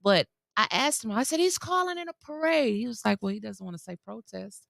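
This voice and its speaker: A woman's voice: a little high, gravelly, no echo, studio quality. A woman hosting a talk show, chatting casually and animatedly with her guest. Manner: lively, animated, quick to laugh and affirm. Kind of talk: casual interview chat.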